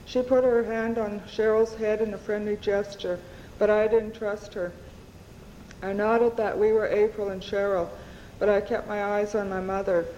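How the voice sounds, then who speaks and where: A woman author reading aloud from her novel to an audience, in an unhurried, measured way, recorded at an event. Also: mid-range voice, little pitch movement, mellow, a little hiss or hum. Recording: dull audio in a reverberant hall.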